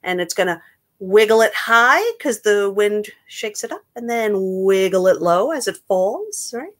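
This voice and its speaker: A woman's voice: medium pitch, animated, a little slow. A woman, a children's librarian from Queens leading an upbeat, sing-song story time with songs. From Queens, New York.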